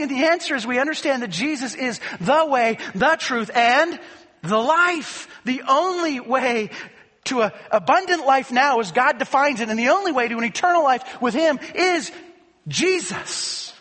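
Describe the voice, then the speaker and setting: A man's voice: very high voice, animated, normal speed, sharp tone. A man preaching a sermon as pastor, speaking emphatically and posing rhetorical questions to the congregation. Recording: long reverb of a large hall.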